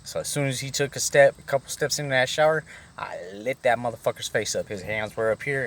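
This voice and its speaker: A man's voice: mid-range voice, quick pace, a bit bright, a little hiss or hum. A middle-aged man telling a rambling personal story in casual, profane street slang. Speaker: vlogger.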